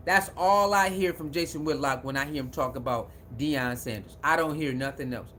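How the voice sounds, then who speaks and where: A man's voice: a little high, moderate pace, hardly any pauses, a bit bright, a little hiss or hum. A man hosting a casual sports live stream, repeating himself often and talking back to viewers in the chat.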